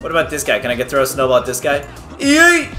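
A man giving excited gameplay commentary, yelping, shouting and making little sound effects as he plays. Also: medium pitch. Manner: hyper, yelps and shouts, makes "bop" sound effects. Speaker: gaming video creator. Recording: game music playing underneath. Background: game music.

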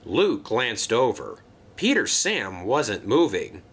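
A man's voice: fairly low pitch, sing-song, slow pace, a bit bright, husky. A man narrating a children's toy-train story expressively.

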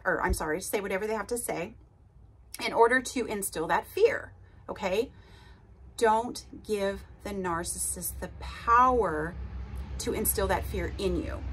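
A woman's voice: medium pitch, a bit bright, husky. A woman hosting an advice podcast as a recovery coach, talking casually and emphatically and often checking in with "okay?" and "right?". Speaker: podcast host and narcissistic abuse recovery coach. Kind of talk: casual advice talk to listeners.

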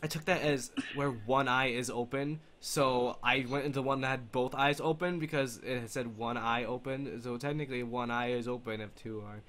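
A man's voice: mid-range voice, fairly even intonation, normal speed, hardly any pauses, fairly bright tone. A young man giving jumpy horror game commentary, swearing a lot and shrieking in panic. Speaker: let's play gamer.

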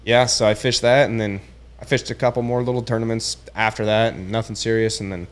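A man's voice: fairly low pitch, flat delivery, brisk, clean tone. A young man, a guest on a podcast, telling a story in casual chat. He talks in a laid-back way, says "dude" often and acts out the lines he quotes. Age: young adult. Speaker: podcast guest, tournament angler.

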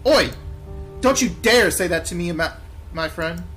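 A man voicing a lazy, corrupt London policeman who talks in loud, scornful slang. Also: high-pitched, normal speed, faint music behind. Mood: brash.

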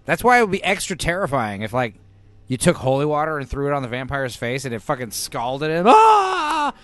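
A man's voice: mid-range voice, fairly quick, dry recording. A young adult man hosting a casual movie watch-along, joking and swearing a lot. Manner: animated, profane, jokey. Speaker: host.

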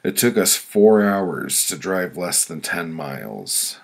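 Deep gravelly man reading his own prose. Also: takes it slowly. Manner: blunt, profane, deadpan storytelling. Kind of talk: audiobook reading of prose poems.

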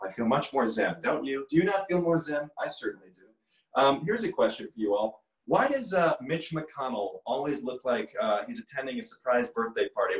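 A man's voice: mid-range voice, lively intonation, moderate pace, reverberant, low-quality recording. Young man with a radio-announcer voice. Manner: radio-like announcer voice, dry joking. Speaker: comedian. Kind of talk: stand-up impressions set. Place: at home, filmed by his mother.

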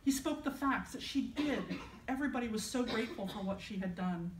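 A woman's voice: on the high side, lively intonation, a little fast, a little hiss or hum. A woman minister gives a conversational, storytelling sermon. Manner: conversational, storytelling, self-deprecating. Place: church sanctuary. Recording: echoey church from a distance.

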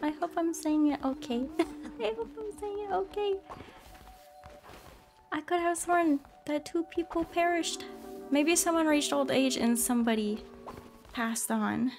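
High-voiced bubbly woman streamer over music. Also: a little slow, darkish tone. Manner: bubbly, apologetic, greets chatters by name. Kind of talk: casual live-stream chat while gaming. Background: game music.

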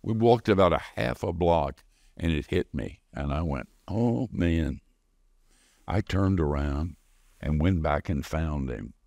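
A male pastor with a very deep, gravelly voice preaching a sermon. He talks slowly and conversationally, asking and answering his own questions as he tells a story. The sound is close and dry. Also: lively intonation, dark tone, no echo. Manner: conversational storytelling, call-and-response.

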